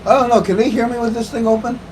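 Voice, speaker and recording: A man's voice: very high-pitched, steady tone, racing, noisy background. A man hosting a casual livestream, chatting with viewers, joking and laughing often. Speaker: livestream host.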